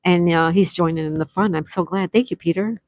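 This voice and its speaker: A woman's voice: lowish voice, brisk, a little mellow, no echo. A woman hosting a casual live stream, chatting with viewers, reading their comments aloud and spelling out game letters. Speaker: livestream host.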